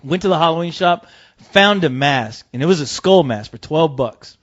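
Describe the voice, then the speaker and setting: A man's voice: on the high side, normal speed. Profane storytelling man, lo-fi sound. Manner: profane, animated storytelling with laughs. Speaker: co-host. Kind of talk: casual podcast chat. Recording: dull lo-fi podcast audio.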